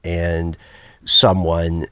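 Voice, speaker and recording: A middle-aged man telling a personal travel story on a podcast, lively and self-mocking, jumping high in pitch when he quotes people. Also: drawn-out words, clean tone, dry recording. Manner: animated, jumps high for quoted voices. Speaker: podcast guest. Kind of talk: casual storytelling.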